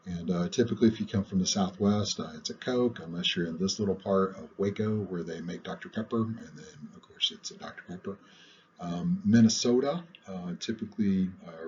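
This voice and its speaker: Brief: low-voiced male lecturer, chatty with many pauses, on a muffled recording with light hiss. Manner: conversational, stops often with "uh". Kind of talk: recorded lecture on public speaking.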